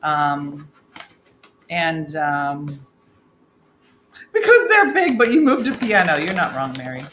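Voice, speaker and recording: A middle-aged woman with a slightly low voice hosts a chatty morning stream, tossing off wry asides as she reads comments. She sounds like she's in a roomy space with a clear echo. A faint hum of room noise sits underneath. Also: slow pace, fairly bright tone. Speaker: morning show host reading viewer comments. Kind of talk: casual live-stream chat. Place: room at home.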